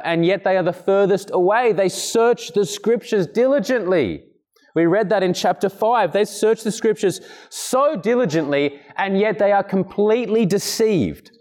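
A man preaching an expository sermon, earnest and emphatic, occasionally clearing his throat between points. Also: a little mellow. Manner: earnest, emphatic, acts out quoted speakers with raised pitch.

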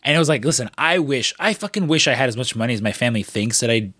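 Man, mid pitch, dry close sound, loose rambling storyteller who swears a lot. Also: expressive, fast, bright, forceful tone, no room sound. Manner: rambling storyteller, swears freely, many fillers. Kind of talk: casual chat.

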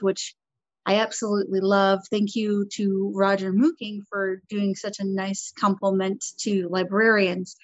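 A woman's voice: medium pitch, dry recording, lo-fi sound. A woman co-hosting a casual book-club podcast as a librarian, chatty and enthusiastic.

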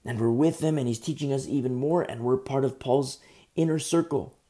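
A man preaching a sermon, retelling scripture as a lively, conversational story with asides to his listeners. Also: mid-range voice, moderate pace.

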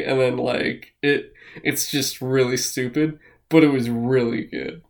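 A man co-hosting a podcast, chatting casually in a rambling, excitable way with plenty of swearing. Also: medium pitch, moderate pace. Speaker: podcast co-host. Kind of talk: casual chat.

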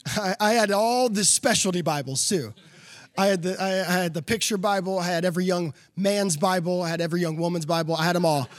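High-voiced animated preacher man. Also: brisk. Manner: animated storytelling with laughs, building to emphatic calls. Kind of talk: sermon with a personal story.

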